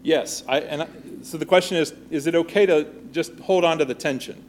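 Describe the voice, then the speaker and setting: A man's voice: fairly high pitch, fairly quick, a little hiss or hum. A man teaching a Bible class in a conversational way, often checking in with his listeners.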